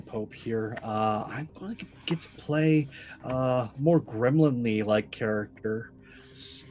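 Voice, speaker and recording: A man's voice: medium pitch, a little mellow. A man introducing himself and his character before a tabletop game, upbeat and a little stumbling as he talks. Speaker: player. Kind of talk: casual chat introducing himself.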